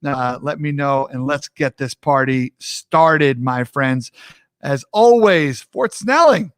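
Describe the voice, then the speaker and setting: A man's voice: medium pitch, expressive, slow pace, clear, resonant tone, dry recording, studio quality. A man from the US East Coast hosting a live talk show, chatting energetically and calling his viewers friends. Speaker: host.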